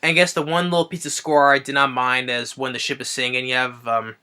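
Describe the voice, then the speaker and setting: Man, casual movie review, halting, repeats himself, thinking aloud, crisp bright voice. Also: medium pitch, flat delivery. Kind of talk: casual spoken film review.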